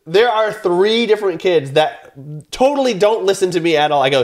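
A man in his thirties co-hosts a podcast and tells an animated story in casual conversation. He swears and acts out his own yelling, speaking in a high-pitched voice at a moderate pace.

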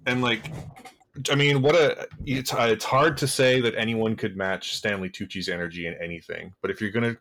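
Low-voiced man rambling about movies. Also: steady tone, normal speed, a bit bright. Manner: rambling, filler-heavy, amused. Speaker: podcast co-host. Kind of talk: casual movie review chat.

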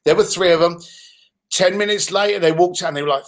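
A man in his fifties from London, with a London English accent, telling lively stories as an interview guest. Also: a little high, fast. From London, England. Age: 50s. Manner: animated, swearing, laughs while telling stories. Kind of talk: casual storytelling in conversation.

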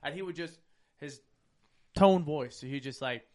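A man chatting casually, telling stories in a fast, profane, animated way. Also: a little high. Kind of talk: casual chat.

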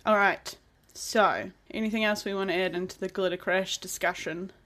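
A woman co-hosting a podcast in casual chat, telling lively stories with frequent laughter and swearing. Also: medium pitch, unhurried. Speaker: podcast co-host.

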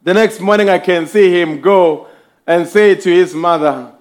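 A man delivers a sermon in a high voice, taking his time over every phrase. He builds his points in emphatic swells and speaks directly to the congregation. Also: darkish tone. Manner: slow, emphatic preaching with rising and falling swells. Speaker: preacher.

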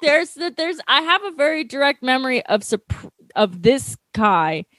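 A young woman chatting on a comedy podcast, her voice a little higher than most and recorded close and dry. She tells stories in an animated way, slipping into quoted voices and laughing often. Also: moderate pace, no echo. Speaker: podcast co-host. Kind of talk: casual comedic chat.

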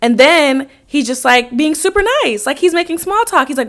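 Young woman podcaster, kinda high voice, swears a lot, acts out all the quotes. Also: normal speed, few pauses. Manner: animated, profane, acts out quotes with laughs. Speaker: podcast host. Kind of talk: casual storytelling.

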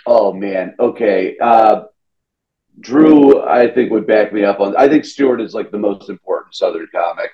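Low-voiced guy, rambling casual chat. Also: a little slow. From Atlanta, Georgia. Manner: loose, rambling, says "dude" a lot. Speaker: comedian guest. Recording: dull lo-fi sound.

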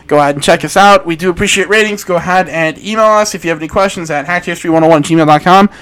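A man co-hosting a podcast, reading a short story aloud with lively expression and frequent laughter between passages. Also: high voice, very fast, smooth. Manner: animated reading, laughs often. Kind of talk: casual podcast reading with banter.

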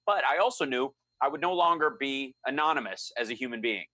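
Middle-aged guy spinning a story, bright voice, dry close sound, does all the voices. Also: mid-range voice, a little fast, no room sound. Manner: animated, acts out quoted voices. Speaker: guest storyteller. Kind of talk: casual storytelling chat.

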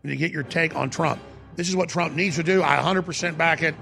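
A man's voice: fairly high pitch, quick pace, vocal fry, over music. A man hosting a talk radio show, ranting fervently and often repeating himself, taking callers.

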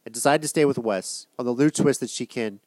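A man's voice: medium pitch, brisk, darkish tone, dry recording. A man co-hosting a casual chat about reality television, talking in a matter-of-fact, analytical way. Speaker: podcast co-host.

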